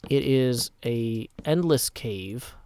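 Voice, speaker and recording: Middle-aged male streamer, casual game commentary, hushed muttering asides. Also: mid-range voice, lively intonation, takes it slowly, clear, resonant tone. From Nashville, Tennessee. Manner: chatty, self-deprecating, often drops to a hushed mutter. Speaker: gaming streamer. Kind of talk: casual live gameplay commentary.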